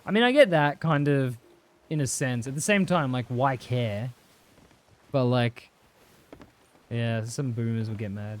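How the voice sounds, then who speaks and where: Swearing young Australian streamer. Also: male voice, mid-range voice, a little slow, long pauses. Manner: rambling, swears freely, answers chat. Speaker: livestreamer. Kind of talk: casual chat while gaming.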